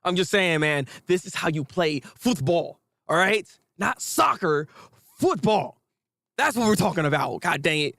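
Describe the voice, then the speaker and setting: Young male host, excitable and slangy, fairly high voice, dry close sound. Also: unhurried, creaky, no echo. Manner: hyped, slangy, repeats himself, laughs often. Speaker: anime review host. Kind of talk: casual excited commentary.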